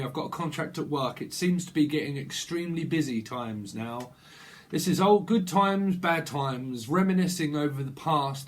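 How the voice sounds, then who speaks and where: A man with a British accent giving a solo tarot reading, rambling and joking as he talks himself back on track. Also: fairly high pitch. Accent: British English. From Britain. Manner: rambling, jokey, self-interrupting. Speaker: tarot reader.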